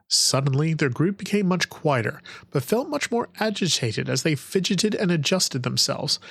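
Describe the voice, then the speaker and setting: A man narrating a sci-fi audiobook in a measured, even storytelling manner, on a close microphone. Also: on the high side, no room sound, low-quality recording.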